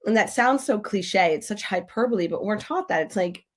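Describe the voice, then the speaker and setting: A woman guest on a podcast, speaking as a grief expert in an emphatic, animated way. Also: mid-range voice, normal speed. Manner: animated, emphatic, acts out quoted voices. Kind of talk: podcast interview.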